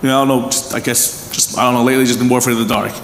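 A man in his thirties, a pastor giving a sermon, earnest, swinging from emphatic peaks to soft, hushed stretches. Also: mid-range voice, steady tone, rapid-fire, creaky, slight background noise. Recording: echoey hall with long reverb, faint room ambience.

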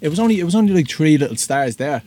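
A man's voice: a little high, lively intonation, rapid-fire, dark tone. A man with a Dublin Irish accent hosting a casual podcast, bantering in a laid-back, sweary way. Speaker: podcast host.

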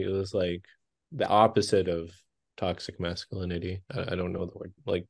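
A man's voice: sits low, flat delivery, a little fast, gravelly, darkish tone. A young man co-hosting a podcast, chatting casually with lots of fillers and laughs. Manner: rambling, laughs often, many fillers. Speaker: podcast co-host. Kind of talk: casual chat.

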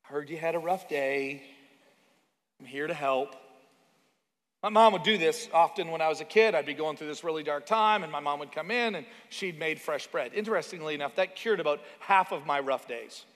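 A high-voiced man preaching in a conversational way, breaking off for asides and stories about his own life. His voice rings with the long reverb of a large hall. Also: brisk, hardly any pauses, a bit bright. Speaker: pastor. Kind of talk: sermon.

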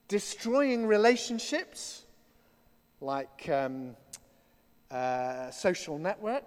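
A man preaching a sermon in a church, conversational and given to humorous asides. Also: a little high. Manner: conversational, self-deprecating asides. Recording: long reverb of a church hall.

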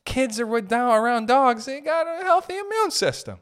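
A young man telling comic stories in a loose, profane rant, riffing with quick asides. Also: very high-pitched, expressive, fairly bright tone, clean tone. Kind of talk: comedic storytelling rant.

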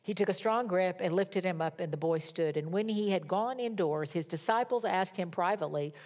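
A woman preaching a sermon and reading scripture dramatically, swinging from loud emphatic peaks down to hushed whispers. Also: on the low side, moderate pace, few pauses.

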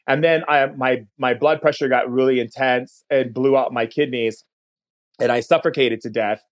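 A man who is a podcast guest, recounting a personal story in an earnest, unhurried way and often slowing down to linger on words. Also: mid-range voice, fairly even intonation.

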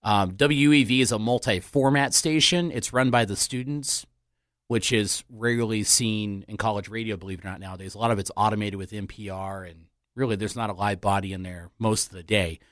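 A man's voice: on the low side, steady tone, a little fast, a bit bright, dry recording. A man with a Western Kentucky accent, a radio DJ guest telling his career story in an easygoing, self-deprecating way in a studio. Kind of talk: casual chat.

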